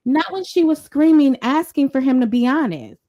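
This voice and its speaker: Woman podcast co-host, emphatic gossip storyteller, acts out quotes, slightly high voice. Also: expressive, moderate pace, dark tone. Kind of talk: casual pop-culture chat.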